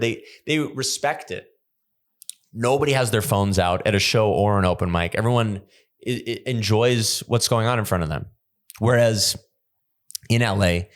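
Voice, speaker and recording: Rambling young comedian, animated storytelling. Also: male voice, mid-range voice. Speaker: podcast host and stand-up comedian. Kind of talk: casual comedic chat.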